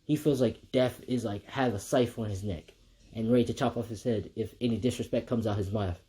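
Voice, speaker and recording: A man's voice: lowish voice, a little fast, dark tone. A man casually retelling a fan story, rambling with many fillers and restarts.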